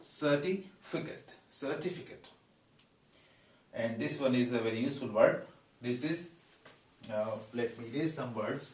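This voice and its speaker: A man with an Indian English accent gives a pronunciation lesson at a whiteboard, pausing often and repeating each word slowly and deliberately. He stands back from the microphone, so his voice comes through with distance. The room adds a noticeable echo. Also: mid-range voice, a little mellow, slight background noise. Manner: halting, frequent "uh", repeats words slowly and deliberately. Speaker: English teacher. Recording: roomy echo, mic at a distance.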